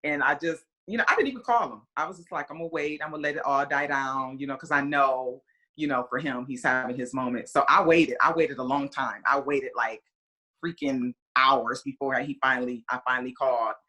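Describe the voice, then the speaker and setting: A woman's voice: rumbling low, brisk, breathy edge. A woman in her forties, a player's mother, telling a story in a casual interview, rambling with lots of "you know" and acting out the conversations she recounts. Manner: animated, re-enacts conversations in quoted voices.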